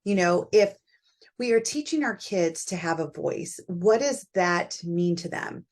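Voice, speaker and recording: A woman's voice: on the low side, lively intonation, unhurried. A middle-aged woman hosting her own show, talking through her thoughts on parenting in a conversational way, with frequent fillers. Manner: warm conversational, thinking aloud with fillers. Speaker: podcast host. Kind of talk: reflective solo talk on parenting.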